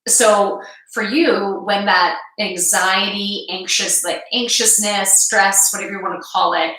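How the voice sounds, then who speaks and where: Lady leading breathwork and a card reading, talks slow and calm, bright voice. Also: medium pitch. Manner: slow, soothing, guides breathing step by step. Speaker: card reader and meditation guide. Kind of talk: live reading session. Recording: very echoey room.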